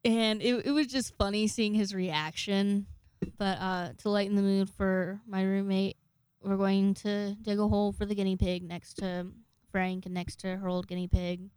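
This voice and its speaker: A woman's voice: medium pitch, flat delivery, normal speed, a little mellow, smooth, no echo. A young woman in her twenties telling rambling, jokey, profane stories to camera in a casual vlog. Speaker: vlogger.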